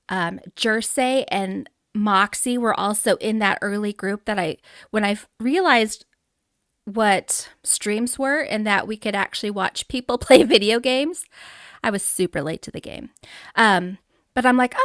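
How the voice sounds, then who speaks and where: A woman live-streaming a video game, talking casually in a chatty, animated way with small restarts. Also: on the high side, a little slow, no room sound, studio quality.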